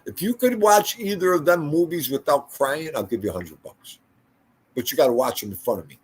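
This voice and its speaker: A man's voice: fairly high pitch, expressive, fairly quick, husky. An older man hosting a casual livestream, rambling through stories and talking to viewers in the chat by name. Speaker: livestream host.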